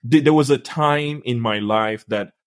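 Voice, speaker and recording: Animated young man telling stories. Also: medium pitch, measured pace. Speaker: podcast co-host. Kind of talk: casual chat.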